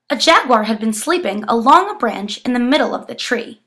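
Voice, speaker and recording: A young woman reading a children's picture book aloud with expressive storytelling. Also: on the high side, moderate pace, few pauses. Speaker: education student.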